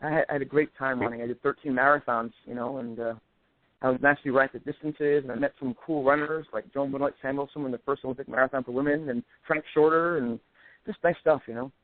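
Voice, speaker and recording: A man in his forties, a guest in a casual chat, telling stories with animated delivery and acting out quoted voices. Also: medium pitch, fast talker, no echo. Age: 40s. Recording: tinny phone line.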